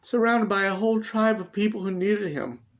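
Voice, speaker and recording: A man reading his own dramatic story aloud, expressive and swinging between loud and hushed delivery. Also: sits high, moderate pace.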